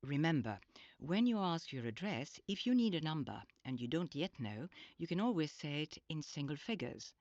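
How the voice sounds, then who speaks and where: Patient woman teaching in a deep voice. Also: big pitch swings, normal speed, darkish tone, no room sound. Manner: clear, patient, instructive. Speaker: language teacher. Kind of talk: scripted lesson narration. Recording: dull lo-fi audio.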